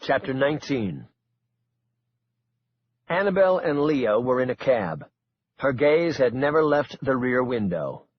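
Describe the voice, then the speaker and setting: A man narrating a suspense audiobook in an expressive, dramatic way. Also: mid-range voice, measured pace, long pauses, dull audio.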